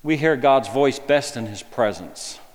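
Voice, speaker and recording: A man delivers a sermon in a middle-pitched voice. He talks to the congregation conversationally and keeps asking rhetorical questions. He moves between emphatic bursts and quiet, hushed lines. His voice carries a long reverb, as in a large church hall. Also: animated, unhurried. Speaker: preacher.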